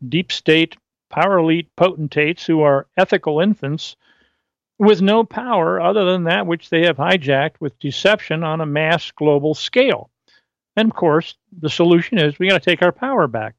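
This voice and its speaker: A man hosting a solo podcast, reading from his articles and riffing off script in a rambling, halting way with many fillers and restarts. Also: on the high side, expressive, gravelly, no room sound, dull audio. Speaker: podcast host.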